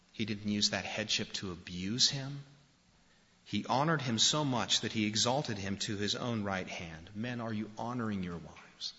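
A man's voice: fairly low pitch, pushed and bright. A man preaching a sermon, speaking earnestly and directly to the men in his congregation. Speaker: pastor. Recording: dull lo-fi recording in a reverberant hall.

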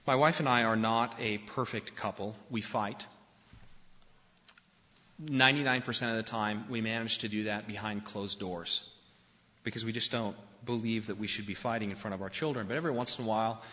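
Male pastor, earnest direct preacher, sharp bright voice, dull lo-fi church recording. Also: on the low side, steady tone, moderate pace. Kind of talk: sermon. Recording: dull lo-fi recording in a reverberant hall.

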